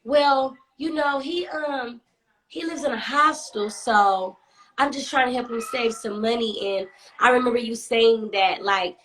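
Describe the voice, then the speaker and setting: Quoted roommate, young woman, hesitant excuse-maker, done by the storyteller herself. High, bright voice. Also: low-quality recording. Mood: evasive. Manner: hesitant, halting with fillers.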